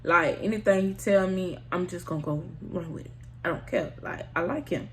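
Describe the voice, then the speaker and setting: A woman's voice: lowish voice, normal speed, a bit bright. A woman telling a personal story in a casual storytime vlog, candid and slangy, often talking straight to her viewers. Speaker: storytime vlogger.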